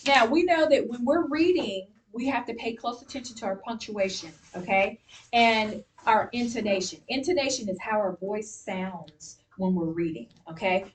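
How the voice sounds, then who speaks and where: A woman teaching a classroom reading lesson, encouraging and clear as she gives instructions. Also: on the high side. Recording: distant mic with faint noise.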